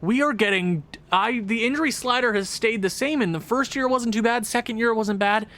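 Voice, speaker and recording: A young man casually commenting on a hockey franchise game, growing exasperated and yelling at his team's losses. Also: extremely high pitch, brisk. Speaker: gaming channel host.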